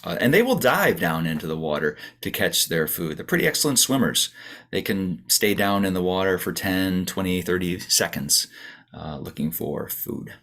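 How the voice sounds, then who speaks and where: A low-voiced man talks through a virtual birding tour in a loose, easygoing way. He is full of "uh"s and small restarts, and now and then mimics a bird call. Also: normal speed. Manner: relaxed, chatty, many fillers, imitates bird songs. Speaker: audubon center director, tour guide. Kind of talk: informal narrated birding tour.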